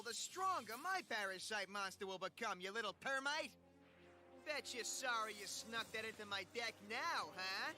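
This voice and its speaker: Cartoon teen hothead, cocky and boastful, high and bouncy, music under. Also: male voice. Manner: boastful trash talk. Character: brash, cocky teen boy card duelist. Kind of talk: cartoon dub acting. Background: cartoon background music.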